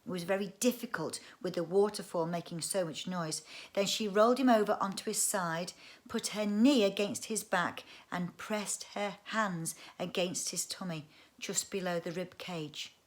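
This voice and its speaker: A woman reading a children's book aloud, expressive and adding chatty asides. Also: fairly low pitch, normal speed. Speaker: audiobook reader. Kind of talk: storybook read-aloud narration.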